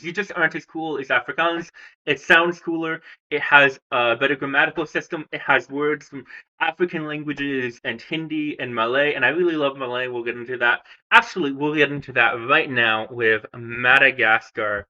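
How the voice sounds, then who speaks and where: A man's voice: mid-range voice, fairly even intonation, moderate pace, bright, forceful tone, lo-fi sound. A young man from the United States hosting a casual language video, rambling and chatty with frequent fillers and restarts. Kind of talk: casual ranking commentary.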